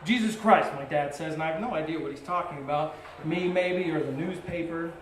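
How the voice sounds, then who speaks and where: A man giving a live poetry reading at a coffee shop and bar, speaking in measured, short phrases that sometimes build in intensity. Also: on the high side, steady tone, background noise. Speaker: poet reading his work. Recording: roomy live venue recording.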